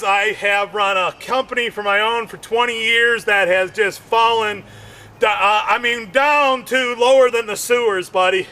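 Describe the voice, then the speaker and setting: A middle-aged man with a strikingly high, piercingly bright voice performs a stand-up comedy routine. He talks slowly and rambles, repeating himself and leaning on fillers. He acts out lines in a theatrical, exaggerated way.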